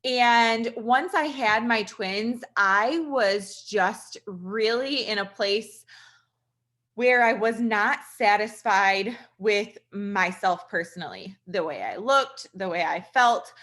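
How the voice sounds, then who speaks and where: A woman in her thirties speaks with a bright, forward tone, telling a personal testimonial in an earnest, casual manner. She chats directly to her listeners, full of "like" and "you guys". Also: medium pitch. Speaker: registered nurse sharing a testimonial.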